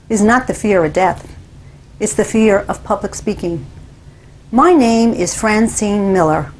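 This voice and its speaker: A woman author telling her life story as a dramatic, deliberate first-person monologue. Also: mid-range voice, a little hiss or hum.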